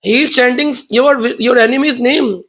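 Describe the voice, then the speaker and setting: A man's voice: very high voice, moderate pace, a bit bright. A man voicing two nervous demon schoolteachers who scold their pupil, in a devotional story talk. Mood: reporting.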